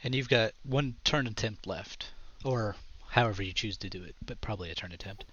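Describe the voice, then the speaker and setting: A man's voice: on the low side, brisk, fairly bright tone, slightly rough. A man running an online tabletop game as dungeon master, casually walking a player through the rules and narrating the scene. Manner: casual, patiently explaining rules. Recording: dull lo-fi audio.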